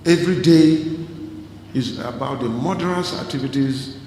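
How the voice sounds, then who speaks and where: A man's voice: mid-range voice, normal speed, mellow, a little hiss or hum. Firm man in an echoey hall. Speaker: state governor. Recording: echoey hall clip with faint ambience.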